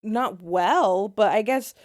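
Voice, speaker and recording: A woman's voice: medium pitch, takes it slowly. A woman co-hosting a podcast, chatting casually in a rambling way full of fillers and outrage. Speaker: podcast co-host. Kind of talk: casual chat.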